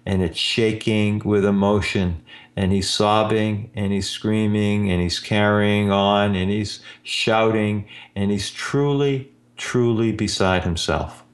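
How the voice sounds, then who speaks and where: A man hosting a show as an energy healer, telling a client story in a slow, drawn-out way. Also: on the low side, steady tone. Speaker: energy healer radio host. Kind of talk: storytelling monologue. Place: Austin, Texas.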